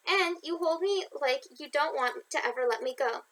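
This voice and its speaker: A woman's voice: high-pitched, moderate pace, hardly any pauses, a bit bright, rough recording. A woman, the author, reading her own novel aloud as an informal audiobook, with some restarts along the way. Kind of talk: self-read audiobook narration.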